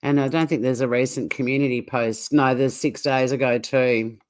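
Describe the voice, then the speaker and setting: A woman's voice: very deep voice, fairly even intonation, moderate pace, a little mellow. An Australian woman co-hosting a casual reaction chat, blunt, swearing and laughing often. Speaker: channel co-host.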